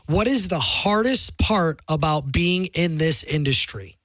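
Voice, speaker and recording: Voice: mid-range voice, lively intonation, a little slow, a bit bright, no room sound, clean studio sound. Co-host reading a listener text. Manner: reads questions aloud, brief interjections. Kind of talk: casual studio chat. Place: radio studio.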